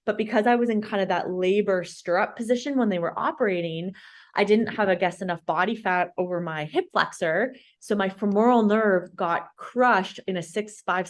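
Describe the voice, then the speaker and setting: A woman in her thirties, a dietitian guest on a podcast, telling a personal story in a casual, animated way. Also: medium pitch.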